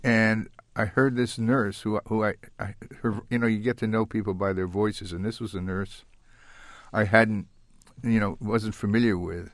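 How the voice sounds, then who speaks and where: Older man recounting his story, halting. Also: lowish voice, fairly even intonation, dry recording. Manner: halting and reflective, with frequent restarts and soft laughs. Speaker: guest. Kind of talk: recounting a personal story in an interview.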